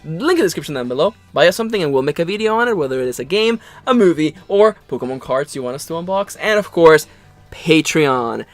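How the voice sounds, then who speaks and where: Animated joking man, dry close sound. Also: fairly high pitch, quick pace, no echo, faint music behind. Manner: animated, jokey, stumbling restarts. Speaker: anime reaction co-host. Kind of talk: casual chat.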